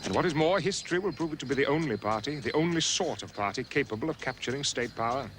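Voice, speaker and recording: A stern revolutionary leader from a historical film lectures a comrade with forceful, measured rhetoric, as a man acts him out. His voice sits in an ordinary male register. A faint hiss of noise lies beneath the film audio. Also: mid-range voice, expressive, natural voice. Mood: stern, lecturing.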